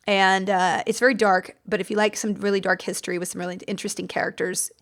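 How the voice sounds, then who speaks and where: A woman's voice: mid-range voice, level tone, fast talker, a bit bright. An American woman hosting a podcast, talking casually and enthusiastically, rambling a little with fillers and restarts as she goes. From United States. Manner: chatty and enthusiastic, rambling with fillers and self-corrections. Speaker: podcast host. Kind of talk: casual book-recommendation chat.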